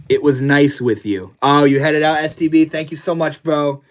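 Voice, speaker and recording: A man's voice: fairly high pitch, fairly even intonation, normal speed, hardly any pauses. A man hosting a casual livestream, reading viewer comments aloud in a laid-back, slangy way. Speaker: livestream host.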